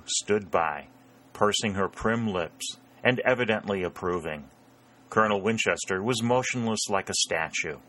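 A man reading a historical novel aloud in a measured, even storytelling manner. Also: sits low. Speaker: narrator. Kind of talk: audiobook narration.

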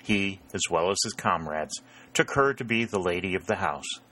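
Deep-voiced man narrating a novel. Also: animated, normal speed, sharp tone. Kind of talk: audiobook narration.

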